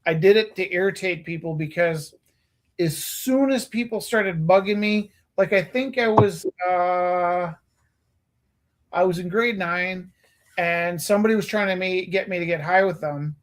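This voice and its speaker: A man's voice: high voice, a little slow. A man in his forties hosting a casual chat, telling earnest stories and acting out what people said. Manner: earnest storytelling, acts out quoted lines. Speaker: host.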